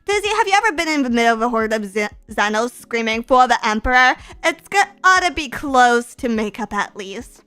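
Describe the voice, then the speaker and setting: A woman streamer chatting casually and reading out viewer donations, giggly and excitable, with teasing, playfully sarcastic banter and sudden shrieking laughs. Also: a little high, a little fast, few pauses, smooth. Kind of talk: casual live-stream chat.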